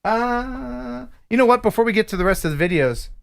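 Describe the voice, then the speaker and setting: A man's voice: extremely high pitch, animated, a little fast, creaky. A man hosting a casual live stream, his voice rising and falling a lot as he jokes around. He rambles, laughs at himself and reads viewer letters aloud. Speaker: host.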